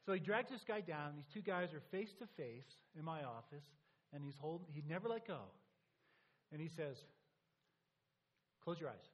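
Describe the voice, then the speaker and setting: A man's voice: a little high, moderate pace, dull audio. A male pastor preaching a sermon, telling a story with emphatic repeated lines. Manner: animated storytelling with emphatic repetition.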